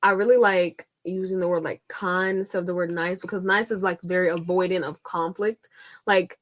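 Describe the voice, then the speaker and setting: A young woman co-hosting a casual podcast chat, telling stories in an animated way, full of slang and fillers. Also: on the low side, normal speed. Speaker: podcast co-host.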